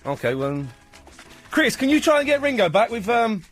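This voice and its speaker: A man hosting a live radio phone-in, lively, a little flustered and out of breath. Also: very high voice, moderate pace, faint music behind. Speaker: radio host.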